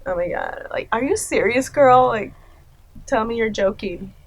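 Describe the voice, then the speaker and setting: A woman's voice: on the high side, animated, a little slow. A woman in her thirties giving casual, sarcastic commentary, laughing often and saying "like" and "you know" a lot. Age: 30s. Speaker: commentary YouTuber.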